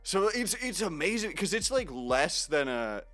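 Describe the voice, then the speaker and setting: A man's voice: sits high, very animated, a little slow, a bit bright, faint music behind. A man co-hosting a podcast in casual chat, rambling with constant fillers and trailing off mid-thought. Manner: rambling, heavy use of "like", trailing off. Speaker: podcast co-host.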